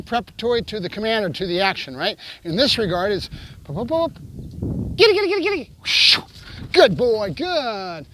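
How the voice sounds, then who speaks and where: A man's voice: high voice, sharp tone. Man explaining dog training over noise. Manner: coaching, talks to camera between cues to the dog. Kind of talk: explaining while training a puppy.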